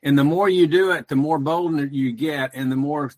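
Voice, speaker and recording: Earnest male caller, slightly high voice, halting phone-in delivery. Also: darkish tone. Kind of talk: casual call-in chat.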